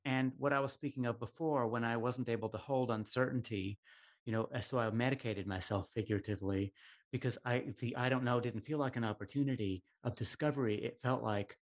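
A man's voice: mid-range voice, steady tone, brisk. A man hosting a casual podcast conversation, reflective and thinking aloud with many ums. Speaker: podcast host.

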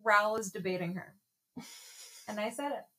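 A woman's voice: mid-range voice, moderate pace, pushed and bright, distant mic. Wry woman quipping on a podcast. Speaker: podcast co-host. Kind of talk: casual reaction chat.

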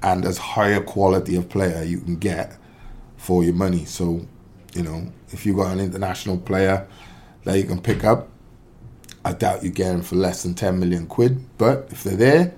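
A man with a fairly low voice talks through the game as a pundit on a sports radio show. He is emphatic and animated, often cutting in to make his point. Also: moderate pace. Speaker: football pundit, former striker. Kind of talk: casual sports radio chat.

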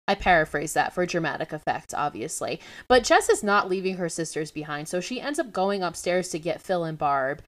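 A woman's voice: lowish voice, animated, a little fast, hardly any pauses. A young woman hosting a podcast, recapping a horror film in a casual, profane and sarcastic storytelling manner. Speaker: podcast host.

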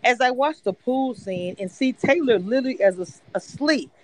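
A woman hosting a live chat about a reality show, blunt, profane and quick to laugh. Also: on the high side, expressive, dry recording, poor audio. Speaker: show commentary host.

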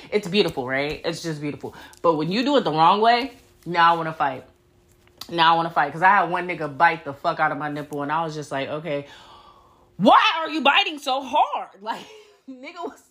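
A young woman talking straight into her own podcast, blunt and full of swearing. Her voice leaps up high when she is outraged and drops low and quiet when she is dismissive, so her pitch swings widely. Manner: blunt, profane, animated storytelling with big pitch swings. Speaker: podcast host. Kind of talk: casual solo podcast rant.

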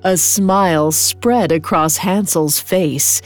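A woman host reading a scripted story in a measured, dramatic way. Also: medium pitch, expressive, a little mellow, soft background music. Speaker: podcast host and narrator.

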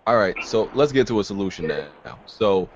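A man's voice: on the low side, lively intonation, moderate pace. A man moderating a casual argument, steering it along in a firm way. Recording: dull, lo-fi audio.

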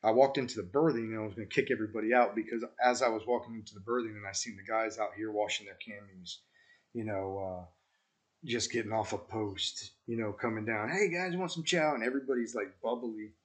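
A man in his thirties hosting an interview, telling a story in a reflective, halting way with many fillers. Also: lowish voice, steady tone. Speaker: podcast host, former Marine squad leader. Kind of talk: conversational interview.

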